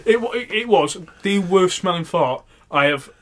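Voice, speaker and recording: A young man with a slightly high voice spins a comic anecdote for a podcast. He bursts into loud acted-out quotes and laughter as the story builds. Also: expressive, moderate pace. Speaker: podcast co-host. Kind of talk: casual comedic storytelling.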